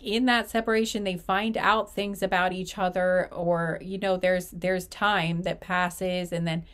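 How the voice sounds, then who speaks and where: Woman tarot reader, casual and rambling, leans on fillers, mid-pitched voice. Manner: rambling, filler-heavy talk full of "like" and "you know". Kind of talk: casual pick-a-card tarot reading.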